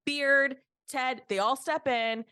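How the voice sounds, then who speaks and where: A woman's voice: high-pitched, fairly even intonation, takes it slowly, pushed and bright, clean tone, no room sound, clean studio sound. A woman hosting a podcast in casual chat, talking animatedly, swearing freely and acting out quotes. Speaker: podcast host.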